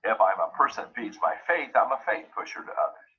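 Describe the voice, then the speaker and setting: Emphatic husky motivational speaker. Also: male voice, lowish voice, very animated, fast talker, highs cut off. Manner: emphatic, repeats key phrases. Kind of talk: motivational talk.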